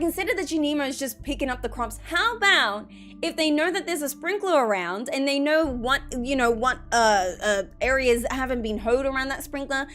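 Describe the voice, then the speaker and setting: A woman streamer talks over her gameplay in a rambling, chatty flow. Her voice sits a little high, and she complains in a joking, exasperated way. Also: fairly bright tone. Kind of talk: gameplay commentary.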